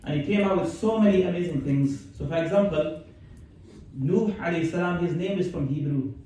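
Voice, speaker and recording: A man's voice: a little high, a little fast, warm tone. A male scholar giving a conversational religious lecture, reciting verses and explaining them, recorded from a distance in a community centre hall. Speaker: Islamic scholar giving a talk. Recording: very echoey hall, mic far off, faint noise.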